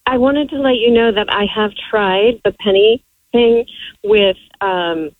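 A woman's voice: mid-range voice, unhurried, no room sound. Woman calling in over a tinny phone line. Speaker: radio caller. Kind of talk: casual phone call.

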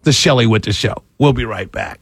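A man's voice: fairly low pitch, fairly quick, gravelly, husky, no room sound. A male talk show host giving a political commentary monologue, laughing often and slipping into a mock-preacher cadence.

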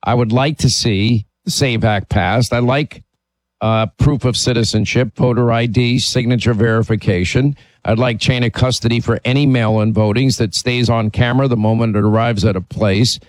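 A man's voice: medium pitch, steady tone, moderate pace, no room sound. Emphatic male talk radio host. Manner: emphatic, opinionated, with restarts.

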